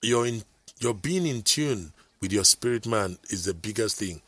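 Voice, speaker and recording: A man's voice: fairly low pitch, animated, normal speed, pushed and bright, no room sound. A middle-aged man, telling rambling stories in casual chat, with preachy asides.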